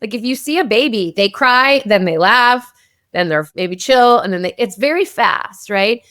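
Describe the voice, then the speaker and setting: A woman's voice: on the high side, animated, normal speed, fairly bright tone, dry recording, studio quality. A woman psychotherapist and author, a guest in an interview, explaining ideas in a flowing, casual way and often checking in with "like" and "right?".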